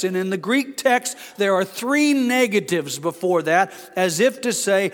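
An older man preaching a sermon as a pastor, rising to loud emphatic peaks, then dropping into quiet, homely storytelling. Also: high-pitched, lively intonation, unhurried, few pauses. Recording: long hall reverb.

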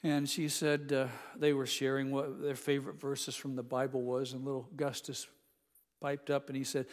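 A man in his sixties preaching a sermon, rising to loud emphatic declarations and dropping to hushed, intimate storytelling. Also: mid-range voice, completely flat delivery, moderate pace, in a large hall. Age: 60s. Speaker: pastor.

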